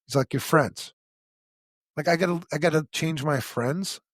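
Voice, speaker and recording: Middle-aged guy on a podcast, husky voice, cussing a lot, real blunt and open. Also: fairly high pitch, moderate pace, no room sound, studio quality. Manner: blunt and profane, frank about his struggles. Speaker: podcast co-host. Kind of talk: candid personal storytelling.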